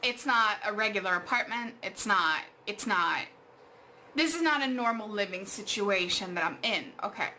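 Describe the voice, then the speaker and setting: A woman's voice: mid-range voice, lively intonation, normal speed, pushed and bright, slight background noise. A young adult woman vlogging at home, telling an exasperated story full of fillers and swearing. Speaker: art vlogger. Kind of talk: casual storytime vlog.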